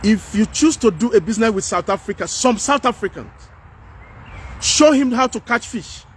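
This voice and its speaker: A man's voice: high-pitched, animated, moderate pace, breathy edge. A man with a Nigerian accent delivering a passionate, repetitive monologue, lecturing his listeners outdoors. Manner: preachy, repetitive, emphatic. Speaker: commentator. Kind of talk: impassioned monologue.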